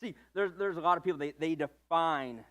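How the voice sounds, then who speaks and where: High-voiced joking male preacher. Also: brisk, a bit bright. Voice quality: playful, joking asides, fillers. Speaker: pastor. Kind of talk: humorous conversational sermon.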